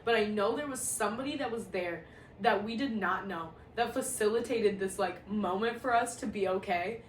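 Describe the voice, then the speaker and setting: A woman's voice: mid-range voice, moderate pace. Brief: young woman, storytime vlogger, swears freely and laughs a lot, roomy echo, mic a few feet off, faint hiss. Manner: profane, animated, laughing often. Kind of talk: casual storytime monologue. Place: at home, indoor room. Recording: echoey room, distant mic, faint hiss.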